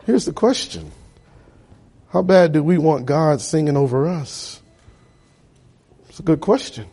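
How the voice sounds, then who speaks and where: A man preaching a sermon, building repeated phrases to loud emphatic peaks. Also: a little high, lively intonation, a little slow, slightly rough. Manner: emphatic, repetitive cadence, rising to loud peaks.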